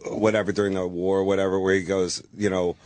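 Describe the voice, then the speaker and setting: A man's voice: low voice, level tone, brisk, a little mellow, dry recording. A man co-hosting a radio show in casual, chatty talk, laughing along and quoting others in put-on voices.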